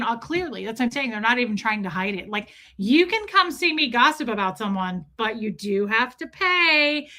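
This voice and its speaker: A young woman hosts a casual livestream, chatting candidly and reading viewer comments aloud. Her voice is bright and forward, pitched a little high. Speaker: livestream host reading chat.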